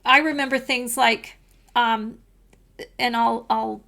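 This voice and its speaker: A woman's voice: fairly high pitch, fairly even intonation, takes it slowly, creaky, pushed and bright. A woman in her sixties from California, co-hosting a podcast and telling family stories in a rambling casual way with many restarts. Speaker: podcast co-host. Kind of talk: casual chat.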